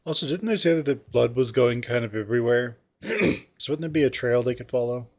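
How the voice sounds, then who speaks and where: A man's voice: mid-range voice, a little fast. A man hosting a stream, reading game narration aloud and bantering playfully, laughing often. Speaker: streamer and host.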